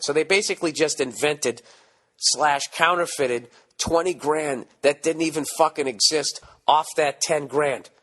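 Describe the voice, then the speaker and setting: A man in his forties with a Boston accent, hosting a podcast, ranting casually with lots of profanity; his voice is hoarse from screaming. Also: on the high side. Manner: profane, animated ranting with mocking asides. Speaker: podcast host.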